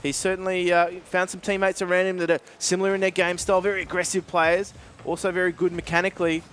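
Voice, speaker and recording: A man works as co-caster on a live esports broadcast, his slightly raised voice steady through the analysis. His voice jumps up when a goal goes in. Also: sits high, a little hiss or hum. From Australia. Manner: measured analysis, bursts of excitement.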